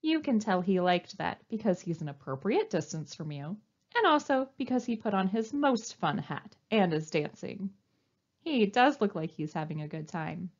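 Lively sing-song woman reading to children. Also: mid-range voice, moderate pace, highs cut off. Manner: animated, sing-song, coaxing. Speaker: children's librarian. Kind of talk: storytime read-aloud.

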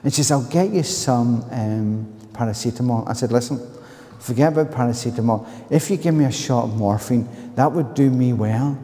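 Glaswegian preacher, male, animated storyteller, mid pitch, echoing church hall. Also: normal speed. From Scotland. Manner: animated storytelling, bursts into loud higher-pitched retorts. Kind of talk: sermon with personal story. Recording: long reverb of a church hall.

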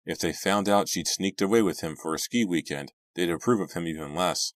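A man narrating a horror novel as an audiobook, friendly and measured. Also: sits low, dry recording, clean studio sound. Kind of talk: reading a horror novel aloud.

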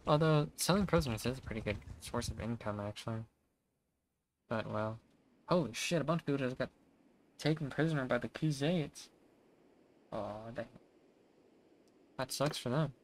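A man's voice: mid-range voice, slight background noise. A man giving casual, profane, wry commentary to himself while streaming a video game.

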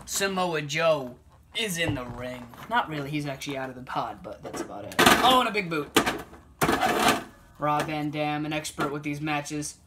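A man giving play-by-play commentary on a wrestling video game, bursting into shouted excitement and then dropping to low mutters. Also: moderate pace, heavy background noise.

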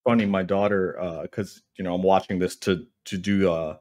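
A man in his thirties chatting on a podcast with a slightly low voice. He tells stories in quick, animated bursts, casual and loose. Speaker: podcast co-host. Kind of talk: casual chat.

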